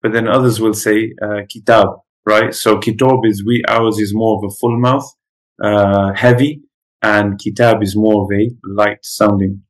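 Man, Pashto native speaker, teacher lecturing students, slightly low voice, chatty with fillers. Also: little pitch movement, unhurried, rough recording. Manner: conversational with many fillers and restarts.

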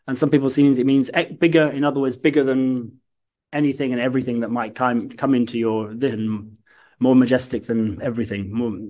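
A man's voice: medium pitch, steady tone, a little fast, a little mellow. A man teaching a lesson on religious practice, explaining step by step and sometimes breaking into chanted demonstrations. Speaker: Islamic studies teacher.

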